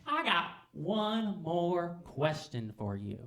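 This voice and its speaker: A man doing a high, gushing small-town soldier buddy. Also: sing-song, slow, a bit bright, roomy sound, heavily acted. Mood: eager. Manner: eager, gushing, repeats your name.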